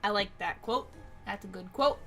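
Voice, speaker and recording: A woman's voice: medium pitch, moderate pace, a bit bright, faint music behind. A woman joining her friend for a let's-play, giggly, teasing and full of exclamations. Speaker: co-player, friend of the host. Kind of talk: casual let's-play banter.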